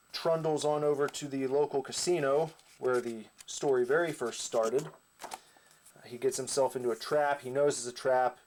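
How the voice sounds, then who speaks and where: A man's voice: medium pitch, darkish tone. Casual rambling male comic narrator. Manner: rambling, casual, with fillers and asides. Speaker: comic creator.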